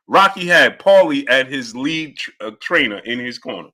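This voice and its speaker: A man's voice: medium pitch, lively intonation, moderate pace, hardly any pauses, bright, forceful tone. A man hosting a casual boxing livestream who talks animatedly, repeats his phrases and greets chat viewers by name. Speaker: boxing commentary livestream host.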